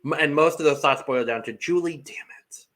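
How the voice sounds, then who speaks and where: A man co-hosting a casual reality TV recap podcast, animated and dramatic, often laughing. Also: on the high side, fairly quick. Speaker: podcast co-host.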